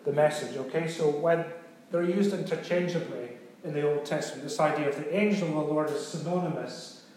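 A man's voice: a little high, brisk, darkish tone. A male pastor giving a sermon in a conversational, teaching way, often checking in with his listeners. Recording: very echoey room.

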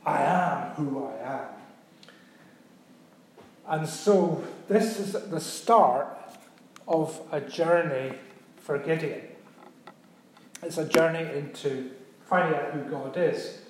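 A man preaching a sermon, talking it through like a teacher and pausing to ask if everyone is with him. His voice sits a little higher than most men's. The recording carries a heavy echo from a big reverberant room. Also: a little mellow, slight background noise. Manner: conversational teaching, checks in with "okay?". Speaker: pastor. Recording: very echoey room.

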